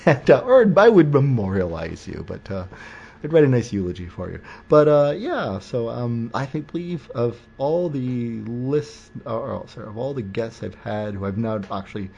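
A man's voice: mid-range voice, animated, moderate pace, vocal fry, darkish tone, breathy edge. A man hosting a podcast in casual chat, rambling and joking with many restarts. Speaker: podcast host. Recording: dull lo-fi recording.

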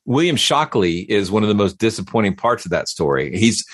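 A man talking casually as a podcast guest, animated and given to repeating words as he starts a thought. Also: on the low side, brisk, no echo, studio quality. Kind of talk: casual conversation.

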